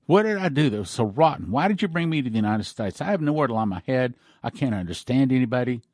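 A man's voice: mid-range voice, lively intonation, fast, darkish tone, dry recording, clean studio sound, natural voice. A man voicing a frightened immigrant man who pleads with anguished questions.

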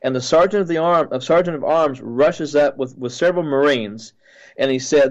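A man, a pastor, earnestly recounting a dream in a halting way with many restarts. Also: on the high side, dull audio.

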